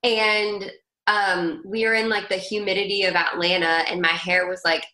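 Bright-voiced woman in a roomy space. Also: medium pitch, little pitch movement, normal speed. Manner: chatty, lots of "like" and "girl". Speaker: guest, country singer. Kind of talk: casual conversational storytelling. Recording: roomy echo.

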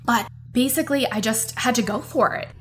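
A woman's voice: a little high, fairly quick, faint music behind. A woman, hosting her own podcast and talking earnestly and chattily to her listeners. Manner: earnest, chatty, addresses listeners as "you guys". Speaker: podcast host. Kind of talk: casual motivational podcast monologue.

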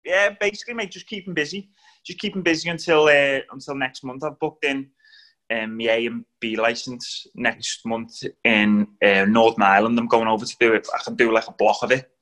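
A man's voice: medium pitch, steady tone, brisk, a bit bright. A man in his thirties from Liverpool, with a Liverpool accent, chatting easily as a former footballer guest on a podcast, laughing often and saying "mate". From Liverpool, England. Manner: easygoing, laughs often, says "mate" a lot. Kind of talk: casual interview chat.

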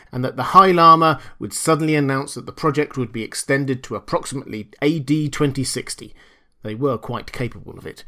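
A man narrating a short story in a measured, storytelling manner. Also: medium pitch, sharp tone. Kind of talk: scripted audiobook narration.

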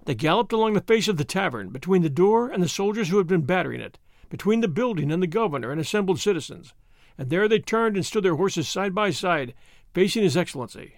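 A man narrating a chapter of an adventure serial in measured storytelling. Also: sits high, lively intonation, no echo, clean studio sound.

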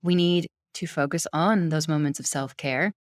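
A woman's voice: deep voice, moderate pace. A woman from Wyoming hosting a podcast, introducing her guest in an enthusiastic, gushing way. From Wyoming, USA. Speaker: podcast host. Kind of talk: podcast introduction and interview chat.

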